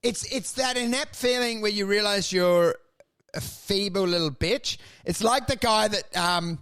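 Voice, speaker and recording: A man's voice: high-pitched, unhurried, fairly bright tone, smooth. A man co-hosting a comedy podcast, telling absurd, self-deprecating stories. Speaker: podcast co-host.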